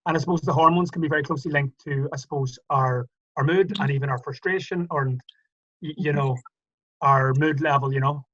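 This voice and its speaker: Man, Irish accent, bright, slightly high, chatty, hesitant restarts, lo-fi call audio. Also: fairly even intonation, a little fast. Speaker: guest. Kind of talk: casual conversational interview.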